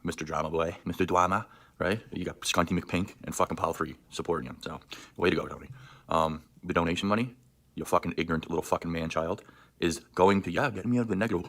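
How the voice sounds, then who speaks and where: A man's voice: low voice, quick pace, a bit bright. A man in his thirties ranting on a livestream, furious and profane, hurling insults. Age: 30s. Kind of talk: angry livestream rant.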